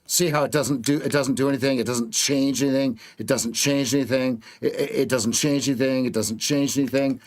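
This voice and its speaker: A man coaching viewers through live trading on a stream, excitable, repeating words and joking with the chat. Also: medium pitch, brisk, few pauses.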